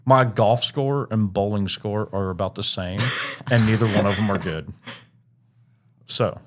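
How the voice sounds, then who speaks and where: A man's voice: lowish voice, measured pace. Joking middle-aged male podcast host. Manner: joking, teasing, tells dad jokes. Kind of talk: casual interview chat.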